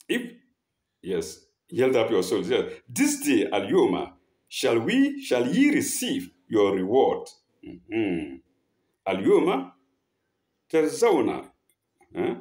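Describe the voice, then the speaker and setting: A man's voice: on the low side, darkish tone, echoey room. A man preaching a sermon, reciting Arabic verses and explaining them in English with rhetorical questions. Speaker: Islamic preacher. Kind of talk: sermon teaching Quran verses.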